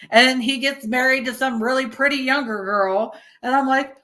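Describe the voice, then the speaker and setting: A woman's voice: high voice, fairly even intonation, moderate pace, hardly any pauses, bright, forceful tone. A woman in her early thirties chatting casually on a stream, swearing freely and laughing often. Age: early 30s. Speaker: streamer reacting to a video. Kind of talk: casual live-stream chat.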